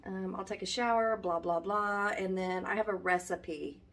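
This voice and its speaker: A vlogger with a mid-range, steady, fairly bright voice chats casually into a handheld phone at a moderate pace, rambling with lots of ums. She starts at home indoors and later heads outdoors on a run, sounding a little out of breath.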